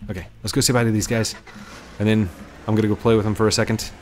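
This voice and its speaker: A man's voice: fairly low pitch, flat delivery, fast talker, a little mellow. A man giving casual let's play commentary as a gaming YouTuber, goofy and playful, talking to his viewers.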